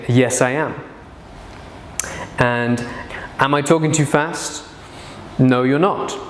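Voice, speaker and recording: A man teaching an English grammar lesson, speaking slowly and deliberately and repeating his example sentences. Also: mid-range voice, echoey room, slight background noise.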